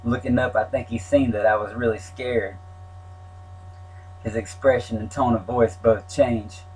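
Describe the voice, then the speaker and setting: Low husky man telling his story. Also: steady tone, measured pace, darkish tone, rough recording. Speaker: memoir narrator. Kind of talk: reading a personal story aloud.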